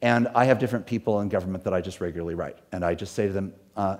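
A man's voice: deep voice, very fast, few pauses, a little mellow. A middle-aged man, a pastor, talking in an earnest, rambling way with many restarts. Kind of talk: reflective talk.

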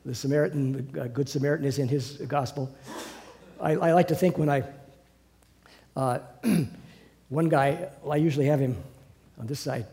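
A man's voice: a little high, normal speed, vocal fry, pauses often, mellow. An older man teaching a Bible class over a video call, musing aloud with many restarts.

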